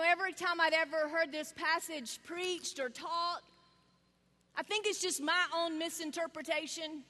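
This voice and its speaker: A woman giving a sermon, telling the story with lively energy and acting out the voices of the people in it. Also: very high voice. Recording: long reverb of a large hall.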